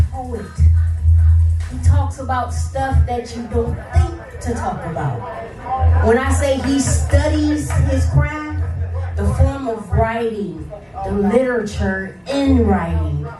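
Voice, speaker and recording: Woman host, slow drawn-out intro, slightly high voice, echoey room, music behind. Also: lively intonation. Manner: hyping up the crowd, drawn-out phrases. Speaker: open mic host. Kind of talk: introducing a performer. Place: live open mic at a studio. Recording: roomy, distant mic, music behind.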